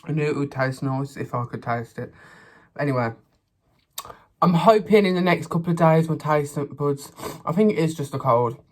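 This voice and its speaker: A man's voice: fairly high pitch, moderate pace. A man, a mukbang vlogger chatting casually and a little sassily while he eats, sometimes talking with his mouth full. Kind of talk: casual chat while eating.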